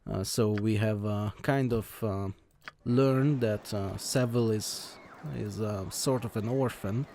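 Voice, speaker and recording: A man commenting on a video game he plays, reading the game's text aloud in his own plain voice and talking in a halting way, with many fillers and restarts. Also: lowish voice, steady tone, warm tone, a little hiss or hum. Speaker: let's play host.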